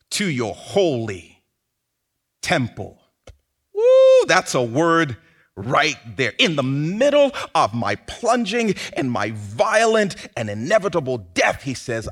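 A man preaching a sermon, swinging from hushed, drawn-out phrases to sudden shouts. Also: mid-range voice, huge pitch swings. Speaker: pastor.

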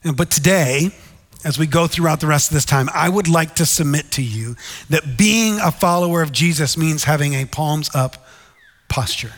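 A man's voice: a little high, moderate pace, long reverb tail. A man preaching a sermon in an earnest, conversational way, often turning to the listeners with "right?". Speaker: pastor.

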